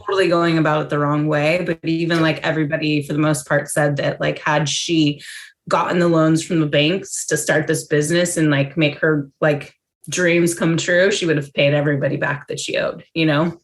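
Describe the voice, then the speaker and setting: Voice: medium pitch, little pitch movement, moderate pace. A podcast co-host chatting casually, using lots of fillers and laughing easily. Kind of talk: casual chat.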